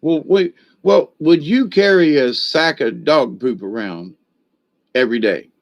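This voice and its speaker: A man's voice: on the high side, measured pace, vocal fry. A man giving a casual spiritual talk, telling stories in a rambling, folksy way with blunt, coarse language. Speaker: spiritual teacher. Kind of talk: casual spoken teaching.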